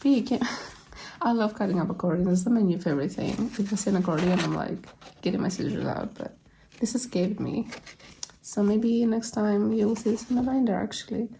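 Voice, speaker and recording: Gushing woman with a gravelly, mellow voice. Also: medium pitch, brisk, slight background noise. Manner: gushing, rambling, giggly. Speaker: K-pop album collector. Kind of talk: casual unboxing chat. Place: at home, living in London.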